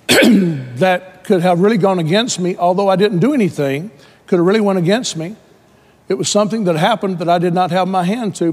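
High-voiced preacher man in an echoing hall. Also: slightly rough. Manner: storytelling preacher who rises to shouting when quoting. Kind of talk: sermon.

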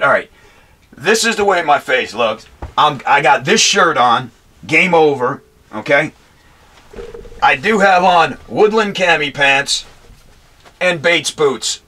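Angry, profane man with a bright, husky voice. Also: mid-range voice. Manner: profane, angry, rambling with restarts and "anyway". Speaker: Marine veteran vlogger. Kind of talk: heated personal storytelling rant.

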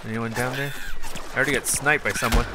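A young man doing excited gameplay commentary, panicking and yelling in bursts, then settling into calm, chatty talk. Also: medium pitch, fast, heavy background noise. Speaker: gaming YouTuber.

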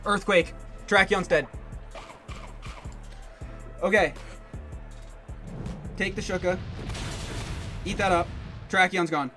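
A man commentating his own competitive game match, thinking aloud in quick bursts and getting excitable. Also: high-pitched, faint music behind. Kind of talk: live gameplay commentary.

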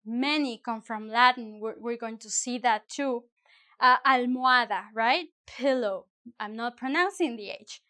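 A high-pitched woman teaches vocabulary in a relaxed video lesson. She chats along and corrects herself, then slows right down to say each example word carefully and clearly. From Mexico. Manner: animated, slow careful pronunciation of example words; chatty with self-corrections and small laughs. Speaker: Spanish teacher.

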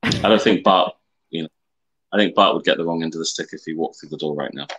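Man with a very low voice, hesitant, dry wit, coaching client on a call. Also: fast talker, noisy background. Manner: hesitant, dry and wry, restarts often. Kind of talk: conversation on a video call. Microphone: video call.

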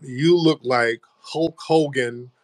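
A man hosting a live stream trades insults in a heated argument. He mocks and taunts the caller in a mid-pitched, steady voice, and the close mic sounds dry, with no room sound. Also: takes it slowly, no echo. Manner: mocking, taunting, repeating "ma'am". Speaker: livestream host.

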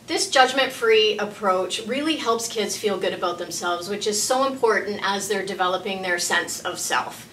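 A middle-aged woman delivering scripted parenting tips in a calm, encouraging tone. Her voice is bright and forward. She sounds a little off-mic in a room with noticeable echo. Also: mid-range voice, normal speed, few pauses, recorded from a distance, a little hiss or hum. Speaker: early years parenting facilitator.

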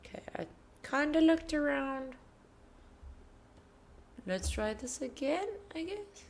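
A woman playing a video game and commenting casually, tender and emotional, cooing at a bear and swearing softly under her breath. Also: high-pitched, lively intonation, slow pace. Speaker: gaming video host. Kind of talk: casual let's play commentary.

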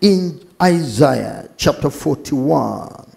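A man's voice: a little high, extremely slow, creaky. A man preaching a sermon as pastor, reading scripture aloud and acting out characters with sudden exclamations. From Nigeria. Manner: preaching with animated dramatized voices and rising exclamations; reads scripture aloud in King James wording.

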